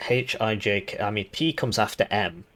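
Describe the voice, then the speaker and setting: A man with a hoarse, slightly low voice talks through a strategy game review in a loose, rambling way. He thinks aloud, restarts sentences and fills pauses as he goes. It sounds like a casual voice-over recorded at a desk mic. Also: fairly bright tone. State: raspy voice. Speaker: gaming YouTuber reviewing a devblog.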